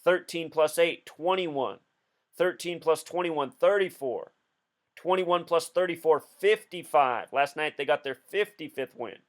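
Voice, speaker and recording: A man's voice: a little high, unhurried. A man hosting a video, talking through a casual commentary in an insistent, explanatory way. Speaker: video host.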